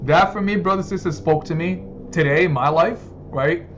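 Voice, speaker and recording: A man teaching a weekly religious study circle, his voice sitting a little high for a man and swelling into emphatic peaks. The recording is slightly dull, with a faint hiss behind him. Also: moderate pace. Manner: expressive, builds to emphatic high points. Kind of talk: sermon-style study circle talk. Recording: slightly dull sound, faint background noise.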